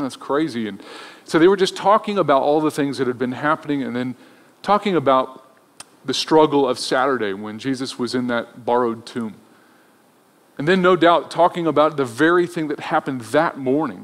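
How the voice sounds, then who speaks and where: A man preaching an Easter sermon as pastor, in a relaxed, conversational way. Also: mid-range voice, in a large hall. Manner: conversational, acts out voices in retold scenes.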